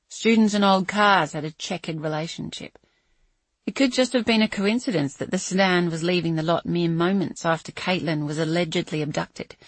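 A woman narrating a thriller audiobook in a measured, dramatic reading voice with a husky edge. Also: fairly low pitch, no room sound. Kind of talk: scripted narration.

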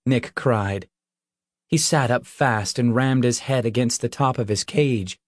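A man reading a dark novel aloud at a slow, unhurried pace, with a mid-pitched voice. The recording is close and dry, like a home booth. Each sentence is laid down evenly and deliberately. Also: dry recording. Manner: measured, even storytelling. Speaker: audiobook narrator. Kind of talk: scripted audiobook narration.

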